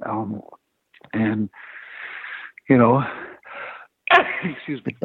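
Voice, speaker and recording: Male guest, former agent, husky voice, tinny phone line, animated storyteller for radio. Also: mid-range voice, extremely slow, no echo.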